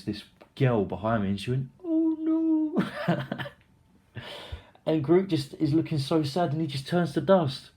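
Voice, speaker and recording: A man's voice: mid-range voice, darkish tone. A young man casually recapping a film, rambling, swearing freely and acting out the scenes. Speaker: film reviewer.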